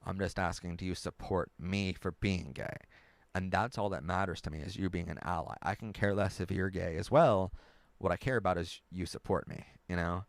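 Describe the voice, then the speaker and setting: Chatty man with a low voice. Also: a little fast, creaky, no echo. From United States. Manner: rambling, chatty, laughs often. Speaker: live stream host. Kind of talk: casual live chat reading viewer comments.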